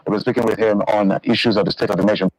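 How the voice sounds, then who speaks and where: A man, a radio host, wrapping up a broadcast interview in a brisk, polite manner. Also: lowish voice, steady tone, darkish tone, dry recording, rough recording.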